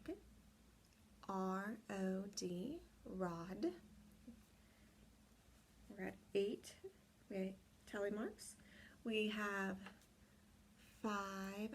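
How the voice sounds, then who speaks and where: A woman teaching a class of young children, spelling words slowly letter by letter and encouraging them. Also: medium pitch, creaky, a little hiss or hum. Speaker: kindergarten teacher.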